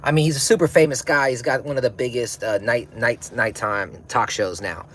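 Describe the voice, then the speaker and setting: A man's voice: mid-range voice, moderate pace, fairly bright tone, slight background noise. A man hosting a livestream while stoned, rambling in a slangy way and laughing often as he chats and reads comments. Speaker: livestream host. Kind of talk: casual livestream chat, reading comments.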